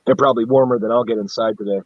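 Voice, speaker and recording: Husky, rambling man from upstate New York. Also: mid-range voice, fairly even intonation, racing, dry recording, narrow, tinny audio. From central upstate New York. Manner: rambling, swears a lot, laughs at himself. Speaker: guest on a live stream. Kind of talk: casual chat.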